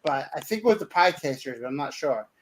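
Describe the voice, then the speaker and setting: A man's voice: a little high, expressive, quick pace. A man hosting a podcast, telling a casual anecdote animatedly, with stumbles. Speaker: podcast host. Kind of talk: casual storytelling.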